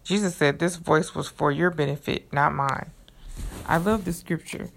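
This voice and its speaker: Very gravelly low-voiced woman podcaster. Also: moderate pace. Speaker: podcast host. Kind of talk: reading a devotional book aloud with commentary.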